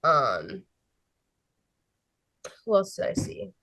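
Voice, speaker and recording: A young woman, a guest on an interview show, excitedly telling a story and filling her sentences with "like" and "literally". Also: deep voice, extremely slow, slightly rough. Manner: breathless, fills every phrase with "like" and "literally".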